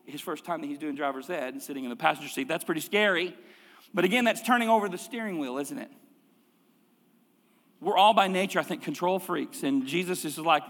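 A man's voice: on the high side, a bit bright. Middle-aged male pastor preaching in reverb. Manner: conversational preaching with rhetorical questions and repetitions. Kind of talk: sermon. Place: church sanctuary.

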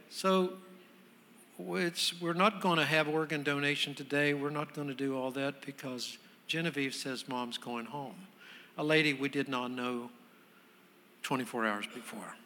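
Bright-toned male preacher in a reverberant hall. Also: fairly high pitch, a little slow, long pauses. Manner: conversational telling that builds to loud, emphatic preaching. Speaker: guest pastor. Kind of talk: sermon storytelling.

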